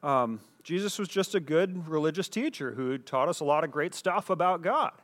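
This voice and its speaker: A man preaching a teaching sermon in an explanatory way, with fillers and restarts, slowing down to stress key words. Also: a little high, expressive, fairly bright tone. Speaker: pastor. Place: indoor teaching space with a screen.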